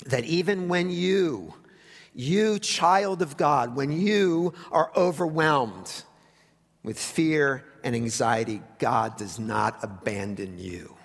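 Lively, animated preacher man in a reverberant hall. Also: mid-range voice, slow pace. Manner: conversational preaching, wry asides, drops to a hush for emphasis. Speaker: pastor. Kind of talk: sermon.

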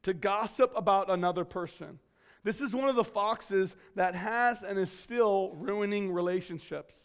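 A man with a notably high voice delivers a relaxed church sermon. He talks like he's chatting with friends, loose and self-deprecating, scattering fillers through his stories. He's from California and sounds to be in his thirties. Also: measured pace, smooth. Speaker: guest preacher at his home church. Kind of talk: casual storytelling sermon.

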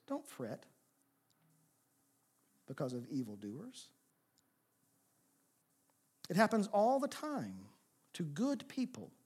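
Male pastor, higher pitched, expressive sermon delivery with rhetorical questions. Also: husky. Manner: expressive preaching, swings from emphatic to soft, rhetorical questions.

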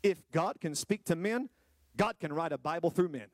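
Man, pastor, sermon, higher voice, dry close sound, rhetorical questions, quiet lows and loud drawn-out highs. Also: animated, dry recording. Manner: preaching, swings from low and quiet to high, loud, drawn-out exclamations; addresses the congregation directly with rhetorical questions. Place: church hall with a congregation.

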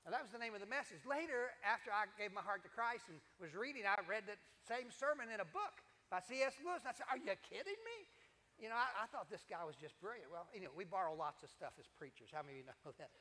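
An older man, a preacher telling his testimony in a sermon, animated and full of repetitions and asides to the congregation. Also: high voice, fast talker, hardly any pauses. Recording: long hall reverb.

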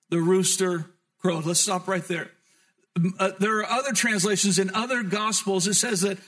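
A man pastor preaching a sermon, moving between emphatic storytelling and soft, reflective tones. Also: sits high.

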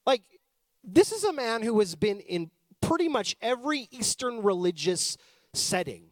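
A man in his thirties from Canada, a pastor telling a personal story in a chatty, animated sermon style. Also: extremely high pitch, moderate pace, no echo, clean studio sound.

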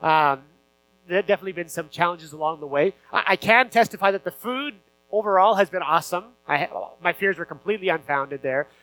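A high-pitched man with a sharp, bright voice preaches a sermon, telling a personal story in an earnest, unpolished way. His sentences restart and stumble, full of small fillers. A faint electrical hum sits under the recording. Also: fairly quick, low-quality recording. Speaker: pastor.

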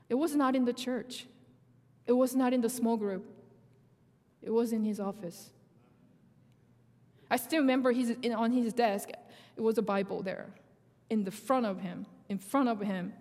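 Young Korean-accented woman, high voice, animated halting storytelling, long hall reverb. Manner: animated storytelling, acts out dialogue, halting phrasing. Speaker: speaker sharing testimony. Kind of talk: sermon testimony.

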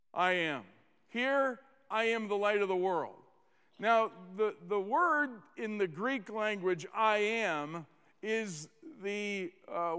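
A male pastor with a high voice delivers a sermon at an unhurried pace. Each phrase is stressed with deliberate emphasis. His voice rings out with a long hall reverb. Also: a bit bright, clear, resonant tone.

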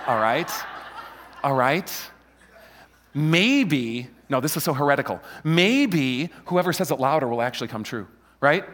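A man preaching a lively Palm Sunday sermon into a handheld mic, joking with and rallying his congregation. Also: on the high side, a little slow. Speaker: pastor. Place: church hall with a live congregation. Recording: long hall reverb.

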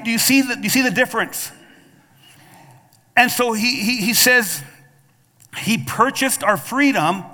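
A man with a very high, pushed, bright voice preaches a sermon in a church sanctuary. He calls out to the congregation for responses and often restarts his words by repeating them. The recording carries the long hall reverb of a church.

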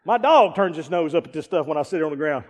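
A man preaching a sermon as pastor, emphatic and repetitive, rising into shouts to drive points home. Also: a little high, lively intonation, fast talker. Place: church sanctuary. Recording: long reverb of a large church hall.

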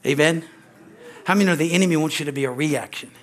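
Guy preaching sunday church sermon, slightly higher voice, goes loud then drops quiet. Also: fast. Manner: call-and-response preaching with frequent amens and hallelujahs; swings between loud exclamations and quiet asides. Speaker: pastor. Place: church sanctuary.

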